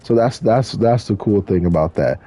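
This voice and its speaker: Low, husky-voiced young man rambling. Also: animated, normal speed, dark tone. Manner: rambling, profane, loose slang. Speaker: YouTuber answering viewer questions. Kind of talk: casual Q&A chat while playing a driving game.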